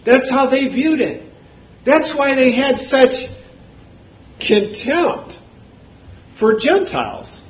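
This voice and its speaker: A man preaching a sermon, swinging from booming shouts to low murmurs. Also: expressive, slow, long pauses. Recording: roomy, dull hall recording.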